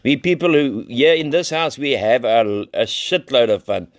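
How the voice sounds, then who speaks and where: A middle-aged man with a South African accent tells recovery stories in a live share. He talks bluntly and rambles, with streetwise slang and the odd curse. His voice sits at an ordinary middle pitch. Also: animated, normal speed. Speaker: addiction recovery center founder.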